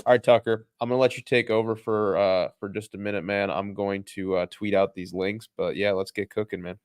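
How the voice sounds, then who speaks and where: A man's voice: fairly low pitch, steady tone, brisk, clean tone. A man hosting a casual livestream about markets, upbeat and greeting viewers by name. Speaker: show host.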